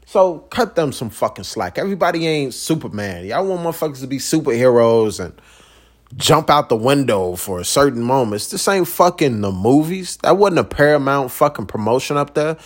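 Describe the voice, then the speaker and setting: A man's voice: mid-range voice, expressive, moderate pace. A man hosting a solo podcast, ranting in a blunt, profane, laid-back rambling way. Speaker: podcast host. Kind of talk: casual solo podcast rant.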